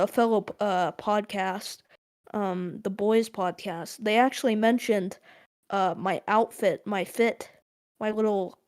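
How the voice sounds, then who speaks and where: Rambling young woman ranting casually. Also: a little high. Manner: ranting, laughing, filler-heavy. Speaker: podcast co-host. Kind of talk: casual chat.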